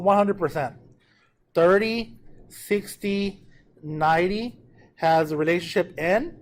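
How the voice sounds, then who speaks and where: A fairly high-voiced man teaching a math lesson in a classroom. He talks in a chatty, informal way, keeps asking the students if they're okay, and slows right down whenever he reads out numbers. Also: a little mellow. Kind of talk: classroom lecture on trig notes.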